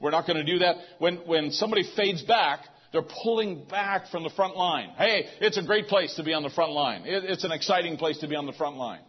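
Husky pastor guy preaching, kinda high voice, chatty sermon, muffled lo-fi sound. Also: a little fast, few pauses. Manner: conversational preaching with repeated restarts. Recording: dull lo-fi sound.

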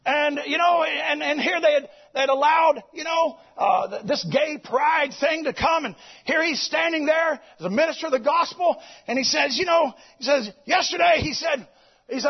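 Shouting high-voiced preacher man. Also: moderate pace. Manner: shouting, preachy cadence, quotes others in character. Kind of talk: fiery sermon. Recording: muffled lo-fi recording.

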